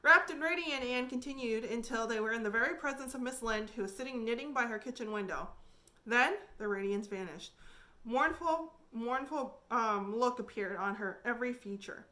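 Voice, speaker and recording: A woman librarian reading a classic novel aloud, clear and expressive with small restarts. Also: on the high side, normal speed. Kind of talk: storybook read-aloud.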